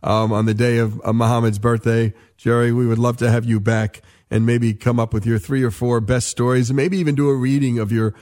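A male radio host leads the interview with enthusiasm and keeps steering toward the guest's book. His voice sits at a middle pitch. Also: flat delivery, fairly quick, hardly any pauses, darkish tone.

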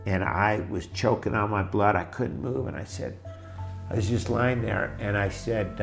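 A middle-aged man telling his own life story in a halting, emotional way, with many restarts. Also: on the low side, gravelly, over music. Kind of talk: personal testimony.

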